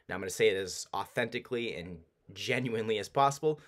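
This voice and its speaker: Relaxed low-voiced male language teacher. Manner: relaxed, many restarts, repeats example phrases slowly. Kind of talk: casual explanatory lesson.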